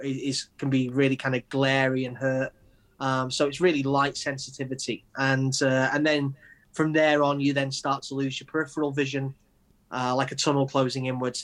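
Halting English man talking openly. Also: mid-range voice, fairly bright tone. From England. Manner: halting, many restarts and fillers. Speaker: guest, poet. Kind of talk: conversational interview.

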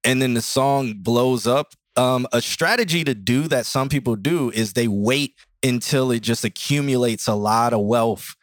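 A man's voice: medium pitch, a little slow, hardly any pauses, no room sound, clean studio sound. A man co-hosting a casual music review podcast, joking and laughing as he chats. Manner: laughing, joking, animated storytelling. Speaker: podcast co-host. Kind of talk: casual chat. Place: indoor studio or living room.

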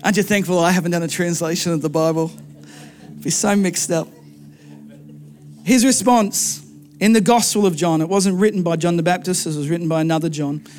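A man's voice: sits high, steady tone, fairly quick, darkish tone. A man preaching a sermon in an earnest, conversational way who often repeats words as he speaks. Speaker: pastor.

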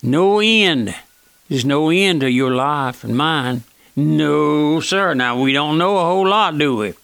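A man preaching a radio sermon in a folksy, earnest manner, often turning to his listeners as friends. His voice sits fairly high and comes across bright and forceful. The sound is close and dry, with little room around it. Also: lively intonation, gravelly, clear, resonant tone, dry recording. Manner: earnest, keeps calling out "my friend", slows down to read scripture; folksy, plain-spoken. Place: church auditorium.

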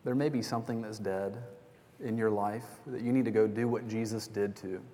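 A young man preaches as pastor in a fairly low, dark, steady voice at normal speed, telling a story conversationally with jokes and asides. His sermon rings with long reverb in the church sanctuary.

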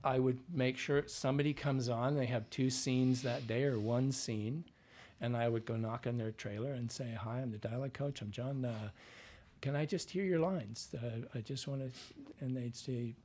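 A man's voice: medium pitch, moderate pace, darkish tone, slight background noise. A man from Canada working as a dialect coach, explaining his craft in a casual interview and often checking in with "right?". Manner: explanatory, often ends points with a questioning "right?".

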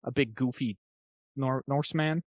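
A man co-hosting a podcast in casual comedic chat, animated and jokey, breaking into quick voices. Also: mid-range voice, no room sound. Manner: fast, animated, jokey, does quick impressions. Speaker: podcast co-host.

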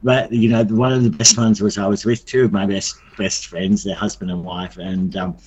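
A man with a slightly low voice speaks as an interview guest. He tells grim jokes against himself and keeps starting over and dropping in fillers. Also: flat delivery, darkish tone, slightly rough, muffled recording. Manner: halting, with many restarts and fillers; darkly joking and self-mocking. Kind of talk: casual conversation.

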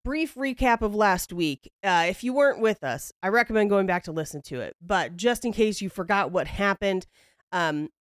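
Woman, podcast host, casual storytelling, wry, swears, smooth clear voice, dry close mic. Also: medium pitch, no room sound. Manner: wry, profane, quick to laugh.

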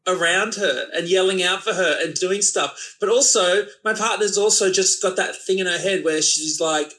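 A woman, telling animated stories in a casual chat and often restarting her words. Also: fairly low pitch, moderate pace, poor audio. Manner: animated storytelling with repeated restarts.

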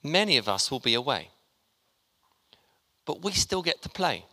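A man's voice: fairly high pitch, very animated, normal speed, pushed and bright. A man preaching a sermon, chatty and joking with his congregation as he talks. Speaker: pastor. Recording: long hall reverb.

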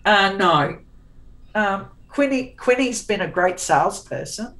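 A woman's voice: mid-range voice, lively intonation, a little slow, fairly bright tone, poor audio. A woman in her forties, a guest author, chatting candidly in an interview in a forthright, sarcastic way, often restarting her sentences.

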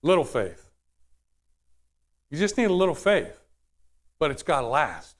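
A man's voice: on the high side, big pitch swings, unhurried. A man preaching a sermon in a conversational way, often asking the audience questions.

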